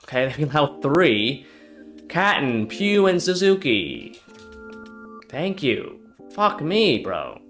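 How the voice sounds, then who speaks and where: Young man, gaming commentary, cursing and exasperated, slightly high voice, faint music behind. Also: very animated, takes it slowly, long pauses. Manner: swearing, exasperated, swings from loud yelling to low muttering. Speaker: gaming YouTuber. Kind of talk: live game commentary.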